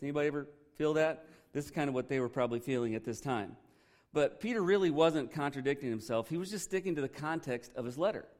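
A man's voice: a little high, darkish tone. A man preaching a sermon as pastor in a loose, conversational way, joking and asking the congregation questions.

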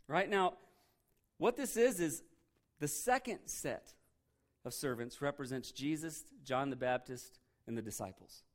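A middle-aged man preaching a sermon in a casual, conversational way, often asking the congregation rhetorical questions. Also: on the high side. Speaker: pastor.

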